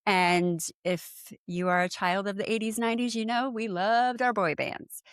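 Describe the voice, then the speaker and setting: A woman in her forties from San Diego tells a personal story in a relaxed podcast chat. Her voice sits in a middle range and sounds close and dry. She acts out quotes with sudden leaps in pitch and talks loosely, with many fillers. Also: normal speed, clear, resonant tone, dry recording. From San Diego, USA. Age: 40s. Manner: animated, acts out quoted speech with big pitch jumps, lots of fillers. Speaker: podcast guest. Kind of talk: casual storytelling in conversation.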